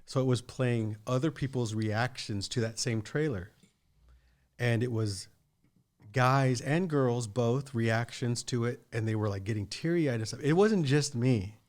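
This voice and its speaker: A man's voice: medium pitch, unhurried, darkish tone. A man co-hosting a podcast, telling a story in casual chat with lots of restarts and asides. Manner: rambling storyteller with many restarts. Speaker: podcast co-host.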